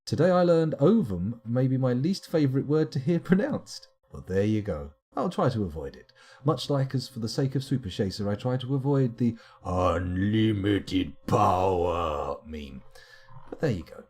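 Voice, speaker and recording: A man's voice: mid-range voice, very animated, fairly quick, mellow, slightly rough. A man streaming live, rambling wryly to himself as he plays. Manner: rambling, muttering to himself, wry asides. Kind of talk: live game commentary.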